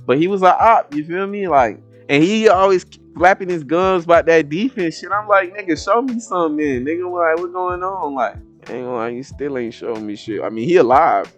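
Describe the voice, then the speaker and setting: A man hosting a casual comic reaction video, talking to viewers in a swearing, animated way. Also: a little high, a little fast, few pauses, faint music behind. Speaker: reaction channel host.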